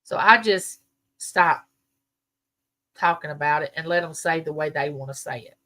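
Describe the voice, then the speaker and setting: A Southern woman with a deep voice hosts a casual livestream, telling rambling stories to her viewers at a moderate pace. Her tone is bright and forceful, and she comes across as a chatty storyteller who wanders from point to point.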